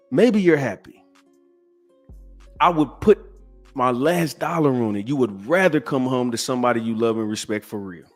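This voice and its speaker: A man in his forties hosting a podcast, ranting bluntly and profanely, jumping from loud outbursts to low, sighing asides. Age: 40s. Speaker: podcast host. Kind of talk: ranting commentary.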